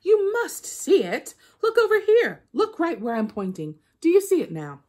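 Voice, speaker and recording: A woman voicing a lazy, scheming male spider trickster who grows angry and insists loudly. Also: fairly high pitch, wildly swooping pitch, unhurried, full character voice. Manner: insistent, rising to shouting.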